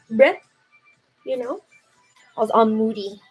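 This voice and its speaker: A young woman chatting through a makeup livestream, her slightly high voice a little husky. She talks loosely to her viewers with lots of likes and calls of girl, and soft music plays underneath. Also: animated, moderate pace, pauses often, poor audio. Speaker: beauty livestream host. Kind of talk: casual makeup livestream chat.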